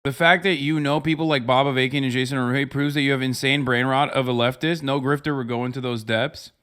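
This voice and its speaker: A man in his thirties ranting profanely on a livestream, often switching into loud mocking voices. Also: medium pitch, steady tone, fast talker, clean tone. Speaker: streamer reacting to videos. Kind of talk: casual livestream commentary.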